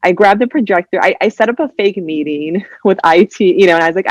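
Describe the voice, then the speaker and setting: Jersey woman guest on a podcast, animated storyteller, says "like" constantly, does everyone's voices, muffled dry sound. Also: medium pitch, fast, dry recording. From New Jersey, USA. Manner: animated, acts out other people's voices in quotes; heavy use of "like" and "you know". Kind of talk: casual interview storytelling.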